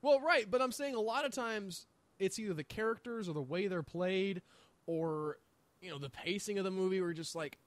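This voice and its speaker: Excited guy rambling on a podcast, highish voice, dry sound, lots of likes and ums. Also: moderate pace, no echo. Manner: enthusiastic, rambling with many fillers. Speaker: podcast co-host. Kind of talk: casual chat.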